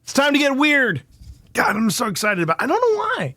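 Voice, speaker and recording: A man hosting a live stream in casual chat with viewers, excitable and quick to laugh and shout. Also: very high-pitched, dry recording, studio quality. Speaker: livestream host.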